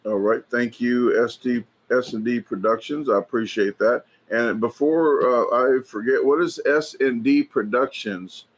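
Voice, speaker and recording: A man's voice: medium pitch, unhurried, few pauses. Chatty rambling man hosting a livestream. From United States. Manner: rambling and chatty, many fillers and restarts. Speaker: livestream host. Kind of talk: casual livestream chat reading viewer comments. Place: indoors at a hobby shop.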